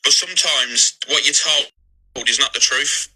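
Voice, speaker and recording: A man's voice: fairly high pitch, unhurried, sharp tone, breathy edge, poor audio. A man ranting defensively on a live stream, agitated and swearing often. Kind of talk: heated live-stream rant.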